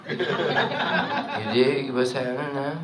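Man playing a mumbly hipster trumpet player, low jive slang, live comedy over loud crowd noise. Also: level tone, measured pace, close to an everyday voice. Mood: cajoling. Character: smooth-talking hipster jazz trumpeter, man. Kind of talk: stand-up character bit. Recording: loud noise, audience laughter.

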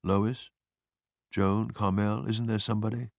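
A calm, firm man holding things together, his orders quiet and steady, as the male narrator puts him on. The voice sits low, and the recording is dry and close. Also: measured pace, gravelly, no echo. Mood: stern, calm. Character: calm, stern screenwriter taking charge in a crisis.

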